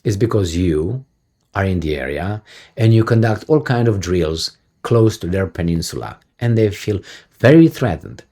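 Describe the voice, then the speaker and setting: A man's voice: low-pitched, expressive, normal speed, warm tone. A middle-aged man giving a heated, sarcastic video commentary, with frequent profanity and rhetorical questions. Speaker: political commentator.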